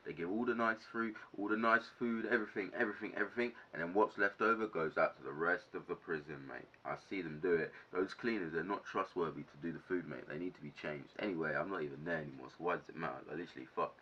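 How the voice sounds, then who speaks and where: A young man telling a casual storytime to camera, animated, ranting and swearing a lot. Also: low-pitched, quick pace, hardly any pauses, slightly rough. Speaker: vlogger. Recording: dull lo-fi sound.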